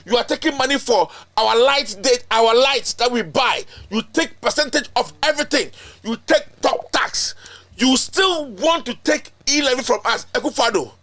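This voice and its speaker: A man's voice: very high voice, a bit bright. A Ghanaian man hosting a political commentary show, talking in an indignant, emphatic way. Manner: indignant, emphatic, mixes in local-language chants and repetition.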